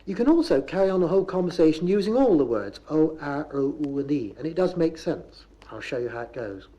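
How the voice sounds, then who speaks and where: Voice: medium pitch, big pitch swings, brisk, dark tone, lo-fi sound. A comic performer with a Bristol accent giving a mock lecture on local speech, on a 1970s comedy record. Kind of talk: comic talk on dialect.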